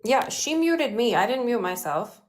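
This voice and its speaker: Brief: woman debate guest, insistent and argumentative, higher voice. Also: very animated, normal speed. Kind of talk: live-stream debate.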